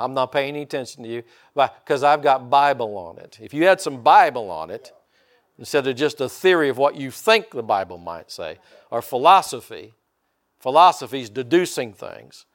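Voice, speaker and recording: An older man from Indiana preaching a sermon in a folksy way, often calling out for amens. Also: medium pitch. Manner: folksy, calls for amens from the congregation. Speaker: pastor.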